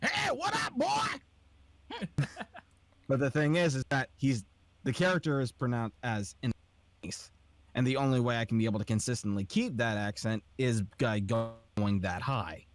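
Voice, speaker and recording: A man's voice: mid-range voice, moderate pace, dry recording. A young man hosting a podcast, chatting casually and explaining in a rambling way with lots of fillers. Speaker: podcast host and aspiring voice actor. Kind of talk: casual group chat.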